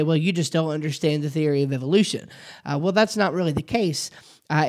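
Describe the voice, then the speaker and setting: A man hosting a podcast lesson, talking it through with many fillers and restarts. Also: on the high side. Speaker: podcast host.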